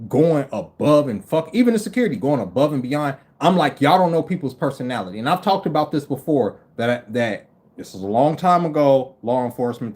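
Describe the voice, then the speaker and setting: A man in his forties hosting a livestream, telling stories in an animated, profane, incredulous way and acting out other people in quick voices. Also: medium pitch. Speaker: livestream host. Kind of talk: casual storytelling rant.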